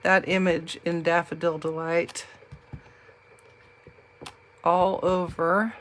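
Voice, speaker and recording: A woman leads a live card-making demonstration, talking to her viewers in a chatty, joking way. Her voice sits on the low side. A faint hum runs behind her. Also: little pitch movement, takes it slowly, fairly bright tone. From Southern US. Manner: chatty, jokey, talks to viewers. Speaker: crafting demonstrator.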